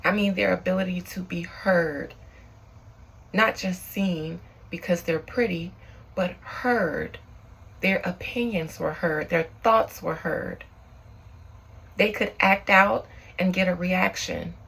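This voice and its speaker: A resentful female spirit, voiced by a woman medium, pours out an aggrieved lament during a spiritual channeling session. The voice sits low and slow, with a gravelly grain. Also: a bit bright, full character voice, low-quality recording. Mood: bitter. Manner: bitter, aggrieved first-person lament.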